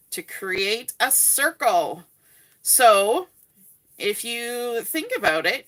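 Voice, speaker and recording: Cheery middle-aged woman doing a live craft demo, bright voice, chatty, talks while she works. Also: mid-range voice. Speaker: craft instructor. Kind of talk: live online craft demonstration.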